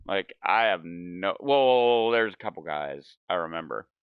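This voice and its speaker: A man's voice: low-pitched, animated, a little slow, clear, resonant tone, no echo, narrow, tinny audio. A man in his forties telling a meandering story while gaming, often correcting himself and laughing. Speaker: gaming channel host.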